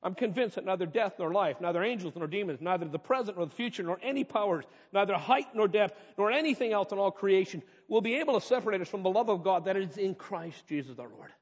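A man's voice: sits high, lively intonation, fast talker, few pauses, husky. A man preaching a sermon as pastor, earnest and conversational, rising to impassioned peaks, recorded in a church. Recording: reverberant hall, dull muffled sound.

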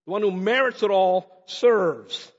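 A man preaching a sermon with animated delivery, slowing down for emphatic phrases and speeding through quick asides. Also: high-pitched. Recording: muffled sound in a reverberant hall.

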